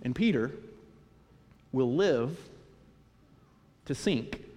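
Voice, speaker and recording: A man preaching a sermon, retelling scripture and stories in an animated storytelling manner. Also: mid-range voice, extremely slow. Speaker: pastor. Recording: long hall reverb.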